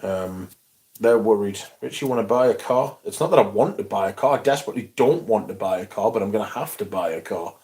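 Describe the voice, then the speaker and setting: A middle-aged man, telling an animated, swear-filled story on a casual livestream. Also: lowish voice, brisk. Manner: swearing, animated anecdote with quoted voices. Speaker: livestream host.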